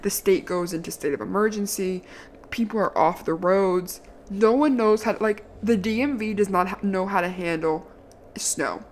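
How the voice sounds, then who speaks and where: A young woman from the Washington, D.C. area telling a casual, animated story, full of "like" fillers and the odd swear word. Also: medium pitch, normal speed, a little hiss or hum. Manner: chatty, animated, lots of "like" fillers, occasional swearing. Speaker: vlogger.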